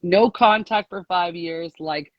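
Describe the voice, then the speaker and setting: A woman's voice: lowish voice, slow, no room sound, muffled recording. A woman guest on a casual live call, telling her story in a chatty, rambling way, full of "like"s and laughter. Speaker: guest sharing a success story.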